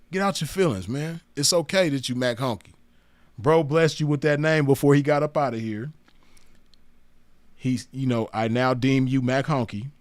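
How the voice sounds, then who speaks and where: A man's voice: fairly high pitch, no echo. A man in a casual monologue to the camera, mocking someone in laid-back, profane street slang, filling his talk with "man" and "you know what I mean". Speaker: commentator.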